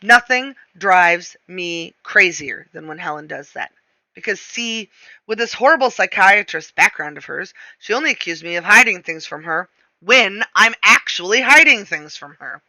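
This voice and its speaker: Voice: mid-range voice, expressive, moderate pace, bright, forceful tone, dry recording. A reader narrating a novel aloud in the first person, with a wry, self-mocking delivery.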